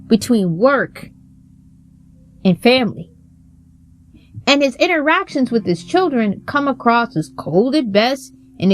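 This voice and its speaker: Woman host, casual commentary, profane and heated, animated delivery, faint guitar music behind. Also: medium pitch.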